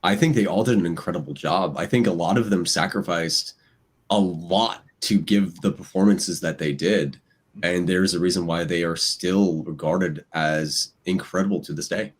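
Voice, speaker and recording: Husky animated man chatting about films. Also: low voice, moderate pace. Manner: animated, acts out quotes. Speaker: guest. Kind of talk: casual podcast chat.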